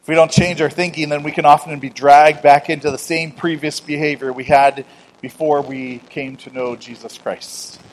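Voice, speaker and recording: A middle-aged man preaching a conversational sermon, swinging from loud emphatic declarations to quiet storytelling with self-deprecating humor and acted-out dialogue. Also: on the high side, steady tone, moderate pace, poor audio. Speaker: pastor.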